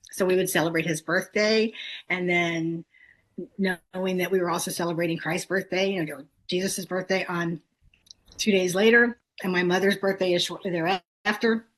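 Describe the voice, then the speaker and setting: A woman's voice: on the low side, steady tone, moderate pace. Conversational woman guest. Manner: conversational, with light laughs. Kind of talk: casual chat.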